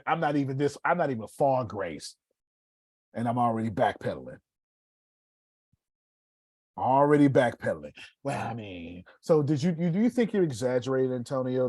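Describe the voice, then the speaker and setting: An animated male teacher talking through a class in a slangy, joking way, his pitch leaping all over. The voice sits close and dry, with no room sound at all. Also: no echo. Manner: animated, slangy, jokes and acts out examples.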